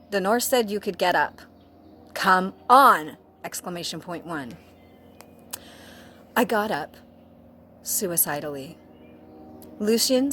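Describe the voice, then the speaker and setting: A woman's voice: fairly low pitch, a little hiss or hum. A woman doing a comic dramatic reading of fan fiction aloud, with mock drama and wry asides. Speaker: guest reader.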